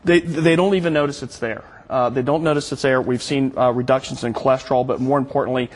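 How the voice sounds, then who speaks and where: A man with a somewhat husky voice is a guest on a TV show, explaining his product in an earnest way. He talks at a mid pitch and sometimes restarts his sentences as he goes. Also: fairly even intonation, fast talker. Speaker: product spokesman, studio guest. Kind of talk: explanatory interview answers.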